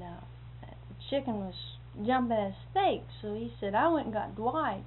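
A woman telling a long anecdote in casual conversation, acting out what others said with sound effects like "boom" and breaking into laughter. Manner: animated, acts out quoted speech with sound effects and laughter. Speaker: storyteller. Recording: tinny lo-fi recording with faint hiss.

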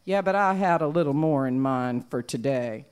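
A woman voicing a swaggering, smooth-talking male wolf in a folk tale, with a brash folksy drawl. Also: very deep voice, expressive, normal speed, a little mellow, voice pushed down.

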